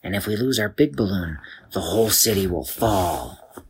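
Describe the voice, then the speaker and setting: Man doing a worried little balloon mayor, polite, breathy, voice goes up and down a lot. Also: deep voice, expressive, moderate pace, exaggerated voice. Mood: anxious. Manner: courteous, fretful. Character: polite small balloon-headed male mayor.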